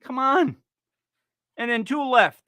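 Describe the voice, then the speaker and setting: A man's voice: extremely high pitch, animated, takes it slowly, sharp tone, no echo, studio quality. A man hosting a podcast, talking in a casual, joking and emphatic way. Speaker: podcast host. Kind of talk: casual comedic chat.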